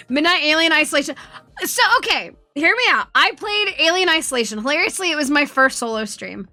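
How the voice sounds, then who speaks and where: Bright, profane woman streamer. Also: high-pitched, lively intonation, moderate pace, dry recording. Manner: profane, rambling storytelling. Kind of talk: casual stream chat. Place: home streaming setup.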